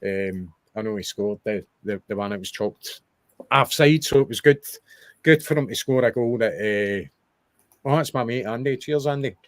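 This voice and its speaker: This podcast co-host, a young Scotsman, talks football in a lowish voice at normal speed with no room sound. He's chatty and rambling, restarting his thoughts and slipping in wee asides.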